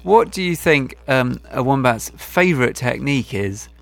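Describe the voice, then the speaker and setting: A man's voice: mid-range voice, animated, normal speed, gravelly. A man co-hosting a comedic chat show, talking in a wry, dry and hesitant manner. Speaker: podcast co-host.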